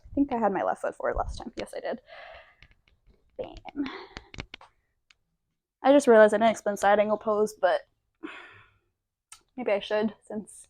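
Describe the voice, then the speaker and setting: A woman's voice: medium pitch, expressive, measured pace, long pauses, a little mellow, no echo. A young woman giving a casual, chatty yoga demonstration, a little out of breath from moving through poses. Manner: chatty, self-deprecating, demonstrating poses while talking. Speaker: yoga instructor. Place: indoor room, yoga mat.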